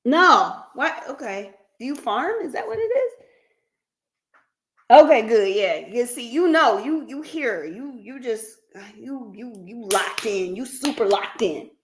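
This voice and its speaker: A woman's voice: a little high, lively intonation, a little slow. A woman hosting a counseling practice's livestream, chatting casually with viewers, laughing often and calling them by name.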